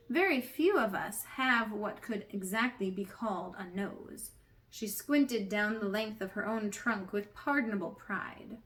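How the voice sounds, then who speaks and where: A woman narrating a storybook aloud in a gentle, measured way. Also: mid-range voice, lively intonation. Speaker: audiobook reader.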